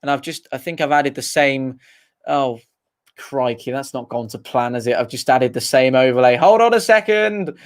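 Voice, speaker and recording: A young man giving partisan live fan commentary on a stream, chatty and excitable, thanking viewers and cheering his team. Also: medium pitch, normal speed.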